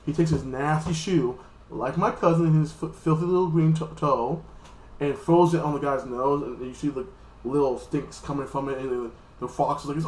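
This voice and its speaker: An American man giving a casual, rambling and profane recap of an anime episode, now and then jumping into high, squeaky mock voices. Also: echoey room, poor audio. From United States. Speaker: anime reviewer.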